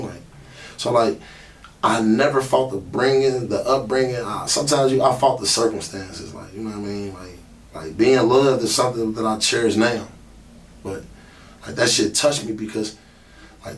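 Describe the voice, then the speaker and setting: Candid man telling a painful story. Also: mid-range voice. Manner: emotional, candid, heavy with fillers. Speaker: podcast host. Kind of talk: personal storytelling monologue. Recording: distant mic, faint ambient noise.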